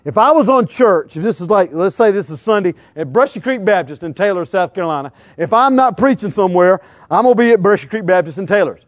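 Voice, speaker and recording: A man's voice: high voice, fast, hardly any pauses, no room sound. A middle-aged man preaching a sermon as an evangelist, firing questions at his listeners and acting out everyday scenes. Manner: animated, questions the crowd and acts out scenes.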